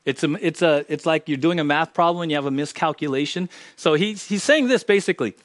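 A pastor delivers a sermon in a church, his voice pitched a bit high for a man. He swings between loud, emphatic lines and soft, low asides to his congregation. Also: quick pace. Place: church sanctuary.

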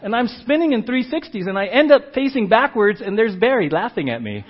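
A man preaching a sermon, telling a story and then teaching with lively emphasis. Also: high-pitched, a little fast, slightly rough, lo-fi sound. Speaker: pastor.

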